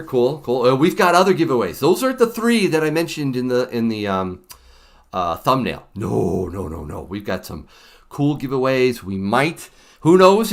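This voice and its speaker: A middle-aged man from the United States hosting a casual livestream, chatty and animated, laughing often. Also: medium pitch. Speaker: livestream host.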